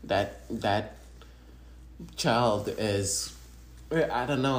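A man's voice: medium pitch, unhurried. A young man with a Senegalese French accent, talking earnestly and reflectively in casual, slangy chat. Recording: echoey room, faint background noise.

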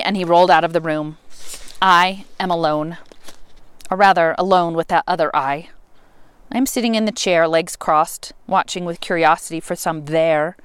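A woman reading a novel aloud, expressive, with sudden rises and emphatic words. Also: fairly low pitch, normal speed, clean tone, dry recording. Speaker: reader.

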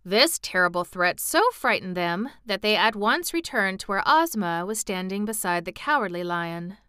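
Bright clear-voiced woman narrating a story. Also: medium pitch, expressive, dry recording, clean studio sound. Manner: measured storytelling, lifts voice for quoted speech. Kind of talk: audiobook narration.

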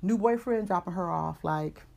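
A woman hosting a comedy podcast, recapping a story in profane, slangy, animated storytelling. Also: fairly low pitch, normal speed, vocal fry. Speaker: podcast host.

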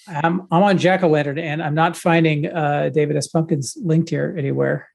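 A man's voice: fairly high pitch, fairly even intonation, moderate pace, vocal fry, a little mellow. A man co-hosting a podcast, bantering casually during a game in a playful, teasing and gloating way. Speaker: podcast co-host.

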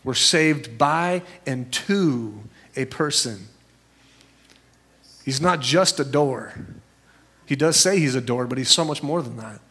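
A man preaching a sermon as a pastor, conversational and storytelling, jumping into high voices when he quotes people. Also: lively intonation, slow, pauses often, sharp tone, breathy edge.

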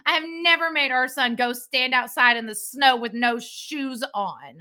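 A woman's voice: high-pitched, a little slow, hardly any pauses, pushed and bright. A woman in her thirties co-hosting a podcast in casual chat, heated and exasperated, often laughing through her anger. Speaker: podcast co-host.

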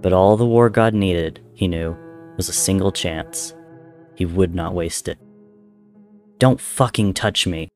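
A man narrating a dark dramatic story in a measured, intense reading. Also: low voice, soft background music.

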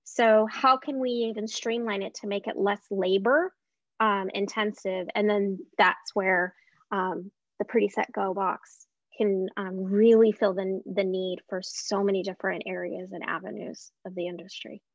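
A woman's voice: medium pitch, fairly even intonation, unhurried, dry recording. A woman who is an entrepreneur and a guest in an interview, speaking in an upbeat way with many fillers. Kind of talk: casual interview chat. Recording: dry, dull lo-fi sound.

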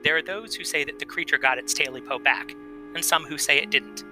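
A man hosting a storytelling show, reading a folk tale aloud and chatting with listeners in a measured, dramatic way. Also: on the high side, over music, rough recording. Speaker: storytelling podcast host.

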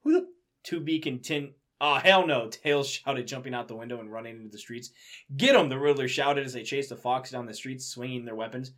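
A man's voice: medium pitch, fairly even intonation, fairly quick. A young man taking his turn reading a fan story for laughs, adding wry comments about it. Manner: wry commentary between read passages. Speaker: co-reader. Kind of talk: comedic dramatic reading.

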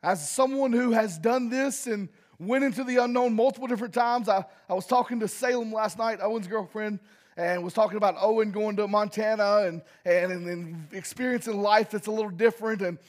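A male pastor delivering an impassioned sermon, speaking directly to his congregation, with loudness that rises and falls sharply. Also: sits high, fairly quick.

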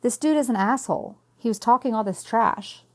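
A woman voicing a young man who talks in casual slang and flares up quickly. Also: fairly high pitch, pitched above the performer's own voice. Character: laid-back young man who turns hot-tempered.

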